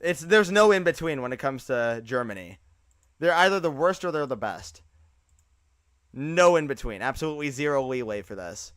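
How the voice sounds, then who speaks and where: A man streaming live, giving casual, animated reaction commentary full of loose filler words. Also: on the high side, normal speed, clear, resonant tone, dry recording, studio quality.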